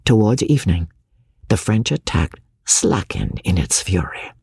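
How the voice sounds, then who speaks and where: A woman reading a classic novel aloud as an audiobook narrator, in expressive, measured storytelling. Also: rumbling low, gravelly, slightly rough, no room sound, studio quality. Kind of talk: scripted narration.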